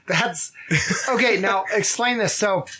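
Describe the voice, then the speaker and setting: A man hosting a podcast in casual chat, joking, teasing his guest and cutting in with quick questions. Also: sits high, bright, forceful tone, slightly rough. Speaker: podcast host.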